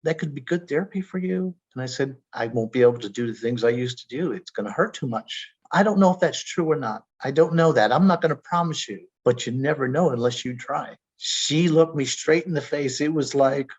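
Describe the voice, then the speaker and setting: A man's voice: mid-range voice, brisk, few pauses, breathy edge. A man telling his own story as a podcast guest, earnest and emotional, often stumbling and repeating words. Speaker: stroke survivor guest. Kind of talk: personal storytelling. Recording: dull lo-fi audio.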